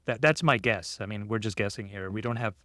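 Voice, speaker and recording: A man's voice: on the low side, a little fast, pushed and bright, dry recording, clean studio sound. A man co-hosting a casual podcast. He reads out a listener's question and then speculates about it thoughtfully, hedging as he goes. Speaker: podcast co-host.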